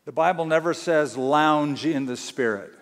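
A man's voice: on the high side, unhurried, big-room sound. A man preaching a sermon as pastor, emphatic and full of rhetorical questions. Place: church.

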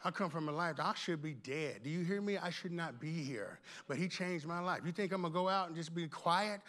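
A middle-aged male pastor preaches at a conference in a high, ringing voice. He is exuberant and animated, speaking loosely and casually and drawing answers from the room. His tone is sharp and bright. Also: fairly quick. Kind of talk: conference sermon.

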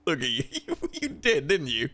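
A man giving lively gameplay commentary with a friend, exclaiming and laughing often. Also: medium pitch, normal speed. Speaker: gamer in a co-op session.

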